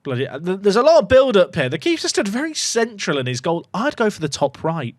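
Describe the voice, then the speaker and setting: Excitable man commentating a game. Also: high-pitched, fairly quick, no echo, clean studio sound. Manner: excitable, jokey, reacts loudly to goals. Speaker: gaming YouTuber.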